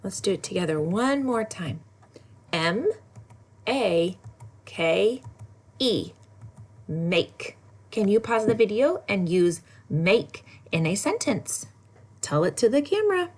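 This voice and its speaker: A woman's voice: medium pitch, breathy edge. Sing-song woman teaching kindergarten. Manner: slow, sing-song spelling with lively ups and downs. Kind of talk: recorded lesson for young children.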